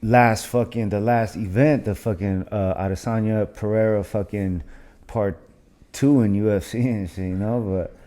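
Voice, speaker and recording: A man's voice: lowish voice, steady tone, normal speed, mellow. A young man co-hosting a podcast in casual chat, rambling along with heavy slang and swearing. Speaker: podcast co-host and fighter. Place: studio in Las Vegas.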